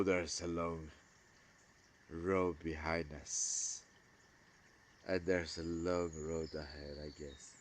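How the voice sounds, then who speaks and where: A man vlogging an emotional, rambling monologue about missing his brother, swearing and swinging between loud outbursts and hushed murmurs. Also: low-pitched.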